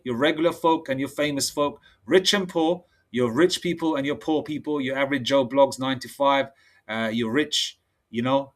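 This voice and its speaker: A man giving an informal sermon, mixing casual street slang with slow, drawn-out Bible readings. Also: mid-range voice. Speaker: preacher.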